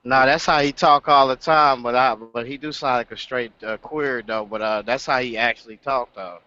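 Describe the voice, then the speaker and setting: A man's voice: medium pitch, fairly even intonation, normal speed, sharp tone, dry recording, lo-fi sound. A man chatting loosely on a casual online talk show, dropping "man" into nearly every phrase.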